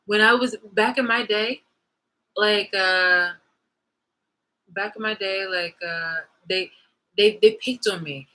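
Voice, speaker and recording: A woman's voice: mid-range voice, steady tone, takes it slowly, pauses often, sharp tone, rough recording. A woman vlogging in a heated, profane monologue rant, restarting and repeating her phrases as she talks.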